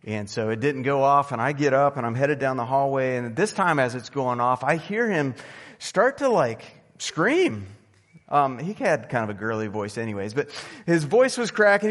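A man preaching a sermon in an easy, talky storytelling way, punching some phrases and dropping others to near a murmur. His voice sits at a middle pitch and trails off into the long reverb of a church hall. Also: moderate pace. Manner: conversational storytelling, lively swings between loud and soft. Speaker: pastor. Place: church sanctuary.

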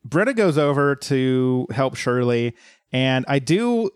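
A man co-hosting a podcast, recapping a TV episode in relaxed, unhurried casual chat. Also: medium pitch, smooth, dry recording, studio quality. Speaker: podcast co-host.

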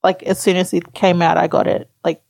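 A woman's voice: on the low side, little pitch movement, fairly quick, gravelly, a little mellow, no room sound. A woman chatting casually and giving short, laid-back replies. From Australia. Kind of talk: casual chat.

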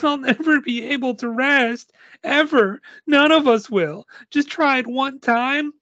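A high, pleading ghost girl, as a man puts her on for a spooky storybook reading. She speaks in a Valley Girl lilt. The recording is dry and slightly dull. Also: lively intonation, slow, fairly bright tone, no echo, full character voice.

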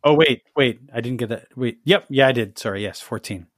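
A man's voice: mid-range voice, fairly quick, a bit bright, no room sound, clean studio sound. A man playing in a tabletop game, wry and mock-formal in character talk. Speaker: player. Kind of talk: casual tabletop game play.

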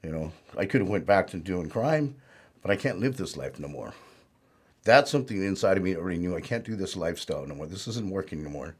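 A man's voice: low voice, animated, fairly quick, breathy edge. A man speaking as an interview guest, telling his life story in a plainspoken, rambling way with lots of "you know".

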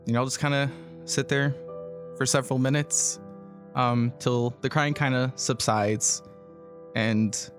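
A man's voice: mid-range voice, steady tone, a little slow, long pauses, music in the background. A man narrating a tabletop game as game master, rambling with many fillers. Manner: rambling, full of fillers and laughs.

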